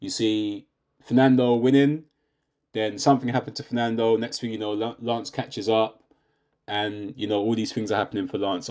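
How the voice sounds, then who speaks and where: Chatty British man ranting, lowish voice. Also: fairly even intonation, moderate pace, darkish tone. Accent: British English. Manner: conversational, rhetorical questions, says "do you know what I mean" often. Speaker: YouTube commentator. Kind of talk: opinionated casual rant.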